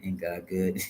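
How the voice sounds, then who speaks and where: A man's voice: low voice, sharp tone, a little hiss or hum. A man giving a live tarot reading in a dramatic, colloquial, sassy way, sometimes dropping into whispered asides. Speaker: tarot reader.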